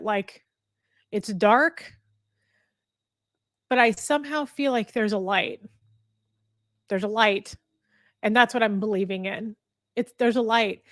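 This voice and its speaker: A woman hosting a livestream, talking candidly and earnestly to her viewers, halting and restarting her sentences. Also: a little high, no echo, clean studio sound. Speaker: livestream host. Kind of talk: candid emotional talk to viewers. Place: indoor room with a fire.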